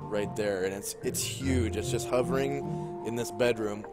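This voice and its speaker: A man's voice: fairly low pitch, fairly even intonation, a little slow, loud music behind the voice. A man narrating a tabletop role-playing session as game master, describing scenes loosely with fillers.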